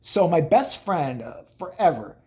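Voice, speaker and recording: High, lively-voiced man rambling stories. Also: a little slow. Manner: rambling, profane, jokey. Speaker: vlogger. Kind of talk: casual storytelling monologue.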